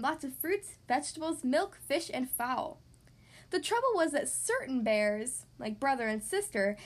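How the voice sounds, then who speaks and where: A woman hosting a children's podcast, reading a picture book aloud in an expressive, animated way. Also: high voice.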